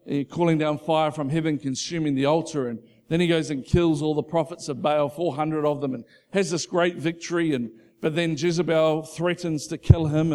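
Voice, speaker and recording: A middle-aged man preaching a casual, conversational sermon that moves between soft, hushed passages and fervent emphasis. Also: fairly high pitch. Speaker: pastor.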